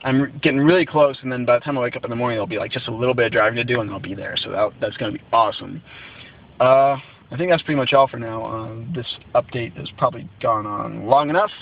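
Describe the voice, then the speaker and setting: A man's voice: medium pitch, fast. A man giving a casual vlog update from a gas station stop, rambling with lots of fillers. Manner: rambling, many fillers and restarts. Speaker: road-trip vlogger. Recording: dull lo-fi sound.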